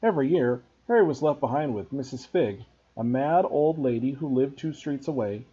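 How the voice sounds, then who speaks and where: A man, a teacher, reading a children's novel aloud to students in an expressive storybook narration. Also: mid-range voice, moderate pace, slightly rough, muffled recording.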